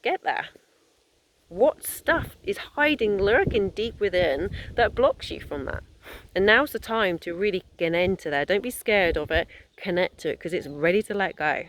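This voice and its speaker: A woman's voice: on the low side, slight background noise. A woman, a holistic therapist giving a conversational wellness talk that rambles and encourages, with many fillers and restarts.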